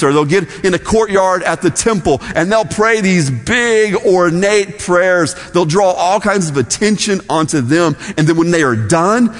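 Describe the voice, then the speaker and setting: A man's voice: high voice, normal speed, few pauses, a bit bright. A middle-aged man preaching a sermon as pastor, conversational and storytelling. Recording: long hall reverb.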